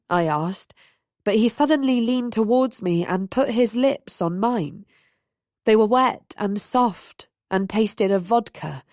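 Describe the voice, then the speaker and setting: A woman reading a crime novel aloud as first-person narration, with a steady storytelling delivery. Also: mid-range voice, measured pace, no echo, clean studio sound. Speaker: audiobook narrator.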